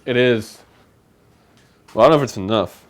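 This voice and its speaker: A man's voice: medium pitch, moderate pace, a little hiss or hum. A man co-hosting a live stream from a home kitchen, chatting casually while he cooks and thanks viewers for donations. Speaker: streamer co-host.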